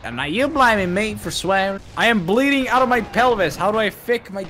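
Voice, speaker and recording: A man's voice: high-pitched, expressive, fairly quick. A young man joking crudely while playing an online shooter with a friend, over game gunfire. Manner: wildly up-and-down delivery, crude jokes. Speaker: co-player. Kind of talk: crude casual chat while gaming. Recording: gameplay with loud gunfire behind.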